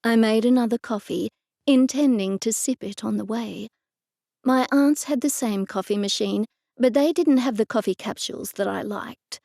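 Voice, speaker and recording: A woman narrating a cozy mystery audiobook in the first person, measured and even. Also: a little high, creaky, dry recording, studio quality.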